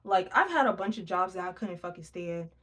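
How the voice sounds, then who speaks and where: A young woman giving a casual tarot reading, blunt and profane, telling animated stories from her own life. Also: fairly low pitch, brisk. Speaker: tarot reader.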